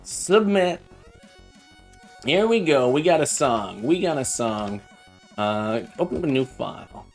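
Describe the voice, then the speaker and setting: A man's voice: medium pitch, very animated, moderate pace, soft background music. A man live-streaming while he codes, chatting casually and thinking aloud as he debugs, with a self-mocking manner.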